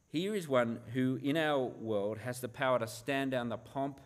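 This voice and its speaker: A man's voice: mid-range voice, normal speed. A man, a pastor, preaching a sermon in an earnest manner, often asking the listeners rhetorical questions.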